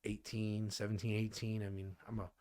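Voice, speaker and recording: A man's voice: on the low side, completely flat delivery, normal speed, a little mellow. A man in his thirties from the Midwest with a Midwestern accent, chatting casually as a podcast guest and rambling with lots of fillers and restarts. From American Midwest. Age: 30s. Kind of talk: casual conversation.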